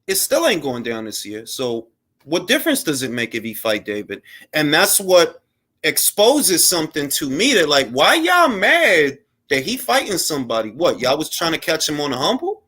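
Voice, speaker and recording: A man's voice: on the high side, huge pitch swings, normal speed, pushed and bright, slightly rough. A man hosting a live boxing talk stream, brash and full of slang and trash talk. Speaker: boxing talk show host. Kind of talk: casual live-stream chat.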